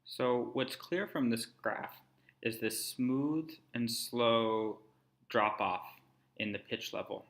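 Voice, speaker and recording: A man narrating a screen-recorded tutorial, explaining calmly and step by step. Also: medium pitch, takes it slowly. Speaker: language instructor.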